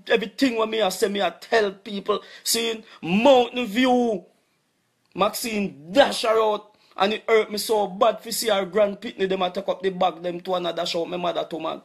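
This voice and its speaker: Jamaican guy, middle aged, highish voice, ranting hard at his viewers in thick patois, keeps repeating himself. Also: gravelly. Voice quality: heavy Patois delivery, repeating phrases. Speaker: vlogger. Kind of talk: impassioned rant addressed to viewers.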